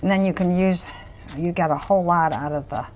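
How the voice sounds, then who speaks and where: A woman co-hosting a casual cooking demonstration in a kitchen, enthusiastic and quick to exclaim. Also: lowish voice, a little mellow, a little hiss or hum. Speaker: cooking show co-host.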